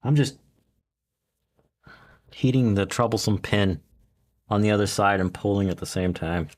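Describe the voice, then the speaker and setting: A man casually talking to himself while soldering at a home workbench, thinking out loud in a laid-back way. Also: lowish voice, a little slow. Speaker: hobbyist fixing his gear.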